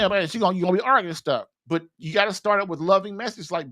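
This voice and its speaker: Blunt folksy man, higher voice. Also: expressive, fast, a bit bright. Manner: folksy, blunt, rambling with restarts. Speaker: podcast host, marriage advice. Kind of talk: casual advice monologue.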